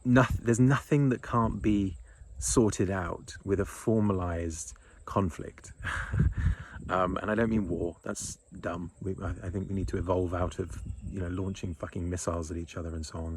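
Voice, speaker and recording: A man's voice: deep voice, fairly even intonation, normal speed, a little mellow, a little hiss or hum. A man in his thirties talking in a blunt, rambling monologue, swearing freely and chuckling between thoughts. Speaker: men's retreat leader. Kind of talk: casual monologue.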